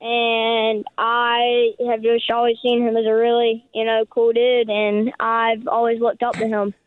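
A man's voice: extremely high pitch, completely flat delivery, unhurried, clean tone, dry recording. A nine-year-old boy with a South Carolina accent, answering a radio host's questions politely and a little hesitantly, with many fillers. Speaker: guest golfer. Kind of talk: phone-in radio interview. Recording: tinny dry phone line.

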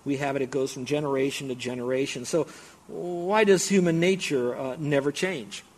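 A man's voice: medium pitch, normal speed. A middle-aged man preaching a sermon, explaining scripture with emphatic, repeated build-ups. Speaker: pastor.

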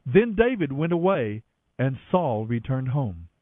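A man reading scripture aloud on a radio show in steady, measured narration. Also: mid-range voice, no echo. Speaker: Bible reader on radio. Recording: dry, tinny phone-like radio sound.

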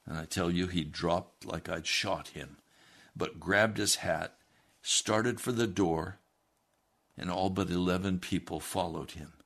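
Low-voiced man preaching a story. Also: unhurried, vocal fry, fairly bright tone. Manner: earnest, exhorting. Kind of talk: sermon with a first-person story reading.

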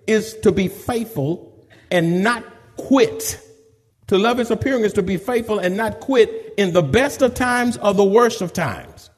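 Husky, fervent preaching man. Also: sits high, animated, a little slow, in a large hall. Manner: rising to fervent, emphatic preaching with call-and-response. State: has a cold. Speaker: pastor. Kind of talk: sermon. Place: church sanctuary.

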